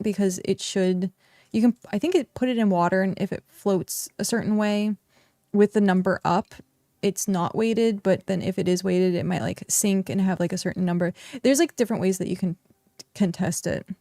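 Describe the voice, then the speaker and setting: A woman's voice: mid-range voice, moderate pace, dark tone, no echo, clean studio sound. A woman streamer chatting casually while playing a game, rambling with lots of fillers.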